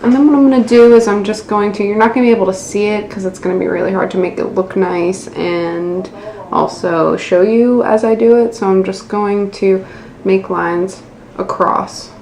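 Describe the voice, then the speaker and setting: A woman's voice: medium pitch, fairly even intonation, normal speed, a little mellow. An American woman in her twenties narrating a casual nail art tutorial, self-deprecating and swearing casually. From United States. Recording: echoey room, faint background noise.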